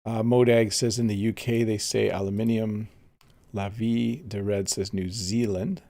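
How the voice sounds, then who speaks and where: A man's voice: fairly low pitch, flat delivery, measured pace, vocal fry, dark tone. A man teaching English on a casual live stream, chatting easily and reading viewer comments aloud while he plays a game. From Canada.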